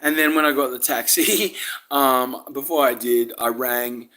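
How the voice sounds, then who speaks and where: A woman's voice: a bass voice, fairly even intonation, measured pace, a bit bright. A woman delivering a rambling, angry monologue, swearing nearly every sentence. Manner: swears constantly, rambling, frustrated. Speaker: vlogger.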